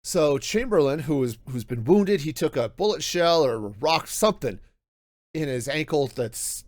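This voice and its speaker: Animated man reviewing a book. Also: fairly high pitch, normal speed, dry recording, studio quality. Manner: animated, self-interrupting with restarts and laughs. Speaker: podcast host. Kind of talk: casual book review talk.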